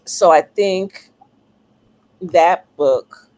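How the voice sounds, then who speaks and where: A woman author being interviewed, talking thoughtfully with frequent pauses, ums and restarts. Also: on the low side, darkish tone, rough recording. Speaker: author guest. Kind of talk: casual interview talk.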